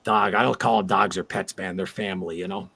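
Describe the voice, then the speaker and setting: A man's voice: sits low, fairly even intonation, fairly quick, vocal fry, sharp tone, breathy edge. A man in his forties hosting a casual livestream chat, rambling and heartfelt as he reads viewer comments aloud. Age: 40s. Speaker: livestream host.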